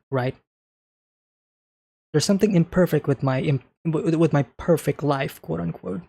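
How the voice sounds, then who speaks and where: A man's voice: a little high, a little slow, gravelly, pauses often, dark tone, breathy edge. A man hosting an anime reaction, talking casually and thinking aloud as he comments on each scene, often checking in with "right?".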